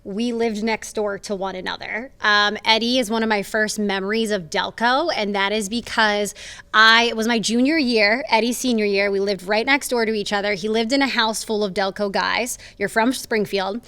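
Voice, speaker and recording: A woman's voice: mid-range voice, steady tone, normal speed, pushed and bright, clear, resonant tone. A young woman from Lancaster County, Pennsylvania, a fill-in co-host telling a story and acting out quoted dialogue. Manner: anecdotal, acts out quoted dialogue. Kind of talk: casual chat.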